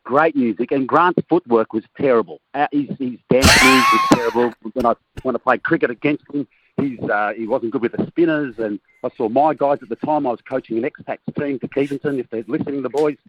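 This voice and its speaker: A man's voice: medium pitch, fairly quick, fairly bright tone, lo-fi sound. A man, a guest calling in by phone and telling jokey stories in a casual chat. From Australia. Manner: jokey storytelling. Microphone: phone line.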